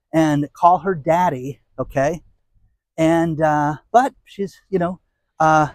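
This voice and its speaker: A slightly high, slightly mellow male voice, recorded dry, belongs to a man hosting his own commentary channel. He rants outdoors in a heated, exasperated manner, adding sarcastic asides.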